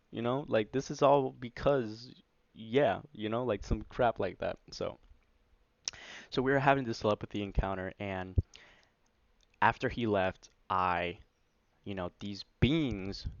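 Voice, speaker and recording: A man with a deep, low voice tells a personal story on his vlog, rambling along with plenty of "like" and "you know." He sounds excited and animated as he recounts it. The recording is dry and a bit dull, lo-fi. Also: no echo. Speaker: vlogger. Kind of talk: casual first-person storytelling.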